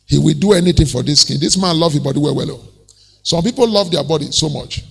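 Taunting Satan, Nigerian accent, raspy high voice as a preacher puts him on, long church reverb. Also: male voice, lively intonation, fast, full character voice. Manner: taunting, in Pidgin. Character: sneering male Satan bargaining to harm a man.

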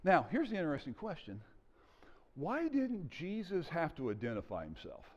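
A male pastor preaching a sermon in an animated way, acting out the scenes. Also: fairly high pitch, moderate pace, big-room sound, dull audio. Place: church sanctuary.

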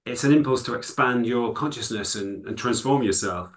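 An English man, a psychology lecturer and author, is a guest in an interview, speaking at medium pitch and a moderate pace. He explains his ideas thoughtfully and conversationally, often using "you know" as a filler.

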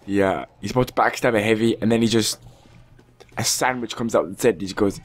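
A man's voice: on the low side, steady tone, fast. A man giving casual live commentary over his own gameplay, joking and talking to the players on screen. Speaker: gaming YouTuber.

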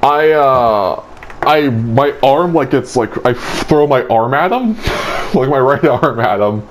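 A man's voice: medium pitch, lively intonation, slow, slight background noise. A young man hosting a casual chat, rambling crudely through a dream story with lots of filler. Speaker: host retelling his dream.

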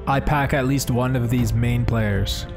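A man's voice: medium pitch, steady tone, a little slow, music in the background. A man streaming a video game live, talking casually and enthusiastically to his chat from home. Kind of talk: live gameplay commentary.

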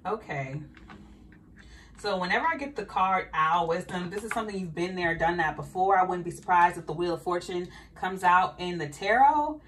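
A woman with a slight Southern accent talks through a tarot reading in a casual, thinking-aloud way, often repeating her questions. Her voice sits a little low. The mic is set somewhat away from her, with a faint hiss behind. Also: expressive, normal speed, a bit bright, recorded from a distance. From Southern United States. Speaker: tarot reader.

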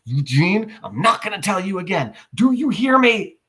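A man's voice: medium pitch, sing-song, fairly quick, breathy edge. A man reading the part of a stern mother of about forty who scolds her son. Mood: scolding. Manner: sharp and scolding.

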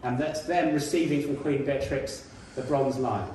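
A man's voice: mid-range voice, fairly even intonation, moderate pace, a little mellow, slight background noise. A middle-aged man giving an illustrated talk as a guest speaker, telling stories with emphasis and frequent hesitations. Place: school hall. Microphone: speaking at a distance from the mic. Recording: very echoey hall, voice from far off.

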